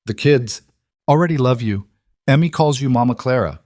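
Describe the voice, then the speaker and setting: A man voicing a steady, protective widowed rancher in his thirties in a storybook western. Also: medium pitch, moderate pace, no room sound, clean studio sound, pitched above the performer's own voice, close to an everyday voice. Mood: earnest.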